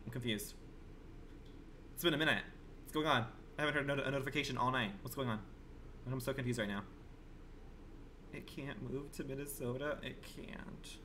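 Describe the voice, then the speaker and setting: A man's voice: mid-range voice, brisk, long pauses, background noise. A man streaming a game live, talking to his viewers in a dramatic, exclamatory and profane way. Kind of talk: casual live gaming commentary.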